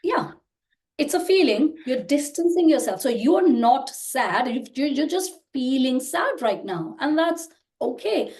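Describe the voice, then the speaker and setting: A woman in her thirties with a fairly high voice talks as a podcast guest. She explains earnestly and casually, circling back with "you know" and restarting her sentences as she goes. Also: sing-song, unhurried, darkish tone. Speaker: podcast guest, personal growth creator.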